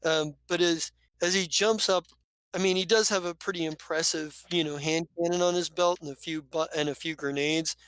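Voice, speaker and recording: A man's voice: a little high, steady tone, moderate pace, a bit bright, smooth, no echo, low-quality recording. A man narrating as game master of a tabletop game, rambling loosely with fillers.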